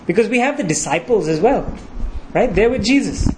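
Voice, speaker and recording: High-voiced man preaching a sermon. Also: animated, a little fast, background noise. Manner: questioning, engaging congregation with rhetorical questions. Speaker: pastor.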